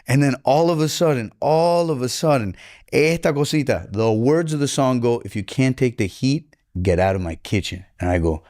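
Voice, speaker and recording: A young man from Miami with a Cuban-American accent tells a story on a podcast, slipping in and out of Spanish mid-sentence. He is excitable and profane, talks in quick bursts, and acts out the people in his story. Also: medium pitch. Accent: Miami Cuban-American English with Spanish code-switching. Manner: switches between English and Spanish mid-sentence, acts out voices. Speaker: podcast guest. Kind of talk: animated storytelling.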